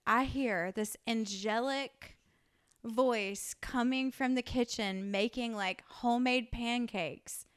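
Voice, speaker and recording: Animated podcast host, a woman with a slightly high voice, telling stories in casual chat. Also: measured pace, clean tone. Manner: animated, laughing storyteller. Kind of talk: casual storytelling.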